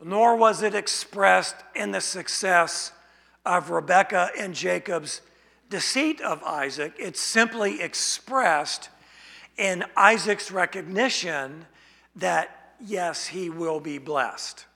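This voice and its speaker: A man preaching an expository sermon, speaking slowly and deliberately and asking rhetorical questions. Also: high-pitched, vocal fry, pushed and bright. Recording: long hall reverb.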